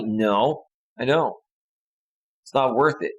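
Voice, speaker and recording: A man's voice: medium pitch, normal speed. A male relationship coach giving casual advice in an earnest, lecturing way.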